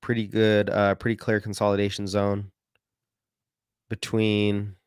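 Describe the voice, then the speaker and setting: A man's voice: on the low side, monotone, unhurried, smooth, dry recording, clean studio sound. A man hosting casual market commentary, rambling and correcting himself as he goes through stock charts with slangy asides. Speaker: market analysis host.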